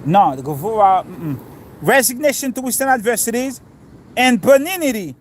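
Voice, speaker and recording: A man with a notably high voice teaches scripture outdoors, talking loosely and throwing questions at his listeners before explaining the answers. He sits on grass, and faint outdoor noise runs underneath. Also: lively intonation, normal speed. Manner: informal, quizzes listeners and explains terms. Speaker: spiritual teacher. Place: outdoors, sitting on grass in the wind.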